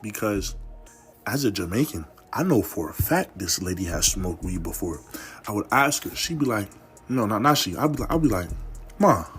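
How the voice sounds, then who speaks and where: A young man casually telling a story from his life, animated and full of slang. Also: moderate pace, soft background music. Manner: animated, slangy, swoops up to high exclamations. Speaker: vlogger.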